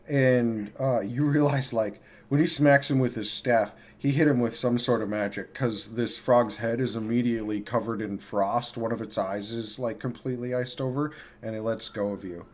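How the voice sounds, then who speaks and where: A man narrating a tabletop game as game master, describing scenes loosely with many fillers. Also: mid-range voice.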